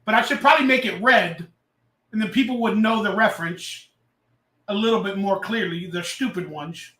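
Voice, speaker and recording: Heard from a distance in an echoey room, a man with a high, bright, forceful voice runs a casual live stream at a moderate pace. He rants with sarcasm and reads viewers' chat messages aloud.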